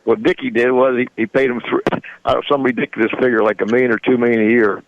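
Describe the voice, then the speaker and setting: A man's voice: medium pitch, level tone, fast, vocal fry, muffled recording. A man in his sixties, a radio show guest, telling rambling stories in folksy grammar and chuckling often. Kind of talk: casual storytelling.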